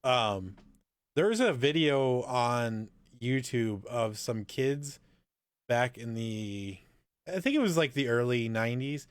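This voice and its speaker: A man's voice: mid-range voice, animated, slow pace, clean tone. A man chatting casually on a live video call, teasing and laughing easily. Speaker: live chat regular.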